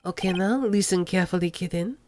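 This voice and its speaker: A woman's voice: lowish voice, brisk, noisy background, pitched below the performer's own voice, lightly acted. A woman voicing a suave, teasing male defense lawyer mentor with a French accent, in a game playthrough. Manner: smooth, teasing, calls her kitten.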